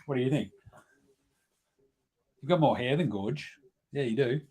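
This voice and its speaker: A man's voice: medium pitch, a little slow, a little mellow, slightly rough. Joking Australian man hosting a live stream. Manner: joking, chatty, talks to his baby. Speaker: host. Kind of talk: casual live stream game chat.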